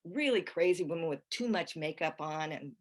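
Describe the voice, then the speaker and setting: An older actress, a guest on a podcast, chatting casually and rambling warmly through her stories with restarts and easy laughter. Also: deep voice, animated, normal speed. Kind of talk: casual podcast interview chat.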